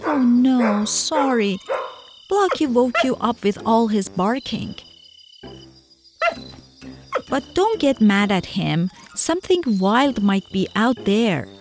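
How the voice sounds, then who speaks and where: A woman's voice: on the high side, slow, background noise, heavily acted. A young woman voicing a friendly, curious cartoon guide who coaxes a child along, talking straight to the viewer. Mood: worried. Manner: animated, coaxing, speaks straight to the viewer. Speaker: cartoon voice actor. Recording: clear music underneath.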